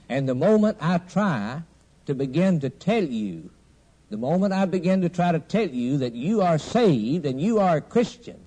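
A man preaching a fervent sermon, rising to loud exhortation and dropping to low, hushed tones.

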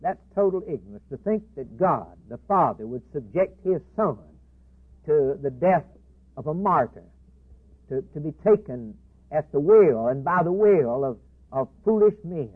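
A man preaching a sermon with impassioned, repetitive declarations that swing between loud and hushed. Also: a little high, expressive, a little slow. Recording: tinny phone-like band, husky.

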